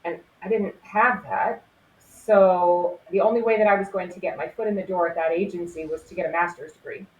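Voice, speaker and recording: A woman's voice: lowish voice, steady tone, a little fast, a little hiss or hum. A woman in her forties, a former crime scene investigator, telling stories earnestly in an interview and laughing easily. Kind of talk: conversational storytelling interview. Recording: roomy echo with faint ambience.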